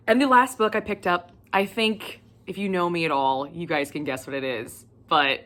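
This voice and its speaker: Woman, lowish voice, gushing, excitable, casual book chat. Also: moderate pace, hardly any pauses, a little hiss or hum. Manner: gushing, excitable, swears freely, swings between loud squeals and whispers. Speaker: book vlogger.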